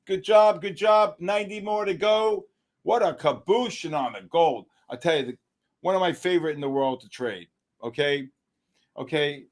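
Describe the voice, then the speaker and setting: Hosting a live stream on futures trading, a middle-aged man speaks in a high-pitched voice. He gets excited, bursts out loudly and jokes about his own exasperation.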